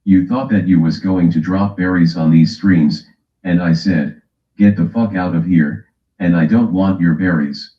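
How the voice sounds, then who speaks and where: Brash stream host, a man with a low, slow voice, on roomy, dull audio. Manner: brash, teasing, calls out chatters. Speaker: livestream host. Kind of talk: casual stream chat.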